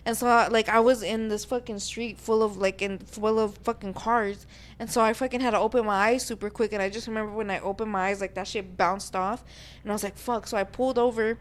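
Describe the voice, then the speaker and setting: A young woman hosting a podcast tells a story in casual chat, speaking briskly in a medium-pitched voice. She swears freely and animatedly acts out what people said.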